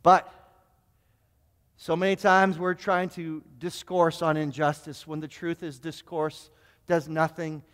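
A man's voice: flat delivery, a little slow, clean tone. Preaching man in a reverberant hall. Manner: storytelling, swings from raised emphatic to low and quiet. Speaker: pastor. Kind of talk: sermon.

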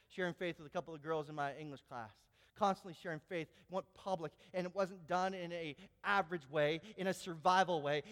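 A man preaching a sermon, telling a story with animated energy and building to shouted peaks. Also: high-pitched. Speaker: pastor. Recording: long hall reverb.

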